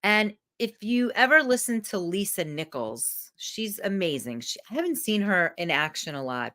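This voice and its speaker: A woman coach giving a candid, emotional motivational talk to camera, swearing freely. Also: lowish voice. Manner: animated.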